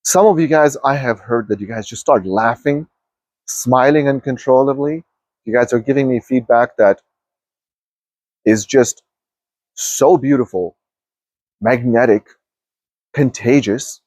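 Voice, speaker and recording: A man talking slowly and softly as a spiritual teacher, guiding listeners through a meditation with sighs and repeated phrases. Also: mid-range voice, dry recording. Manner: slow, hushed and drifting, with sighs and repeated phrases. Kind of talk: guided meditation talk.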